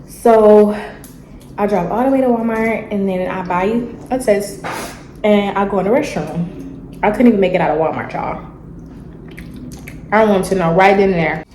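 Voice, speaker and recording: A young woman, telling a story in a casual, animated vlog chat and acting out the dialogue. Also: medium pitch, roomy sound, slight background noise, low-quality recording. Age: young adult. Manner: animated, chatty, acts out dialogue. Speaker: vlogger. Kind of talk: casual storytelling while eating.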